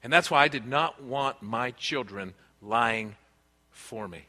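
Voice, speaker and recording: A pastor delivers a sermon in a medium-pitched, slow, pushed and bright male voice. He is earnest and conversational, sharing personal stories from his family life. The recording carries the long reverb of a large hall.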